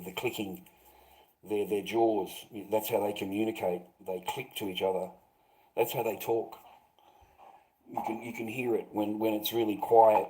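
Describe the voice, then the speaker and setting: A man's voice: lowish voice, warm tone, rough recording. Profane, bitter Australian man rambling. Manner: profane, bitter, repetitive, calls listeners mate. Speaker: vlogger. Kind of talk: rambling monologue to viewers.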